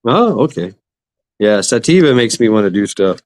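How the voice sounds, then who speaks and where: A man's voice: on the low side, sing-song, moderate pace, no room sound. Man, livestream host, rambling casual chat, swears a lot, dry close sound. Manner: rambling, profane, greets chat viewers. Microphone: computer mic for online stream.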